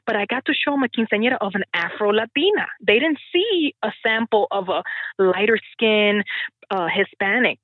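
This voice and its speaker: A woman's voice: medium pitch, expressive, moderate pace, no echo. Chatty woman teacher on a phone line. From Dominican Republic. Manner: chatty, laughs often. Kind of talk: interview answer over the phone. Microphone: telephone.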